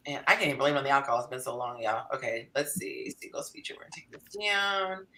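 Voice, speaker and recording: A woman's voice: a bass voice, expressive, fast, pushed and bright, rough recording. A woman hosting a live panel chat, bubbly and laughing at herself as she reads out questions. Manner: bubbly, laughing, self-deprecating. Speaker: host.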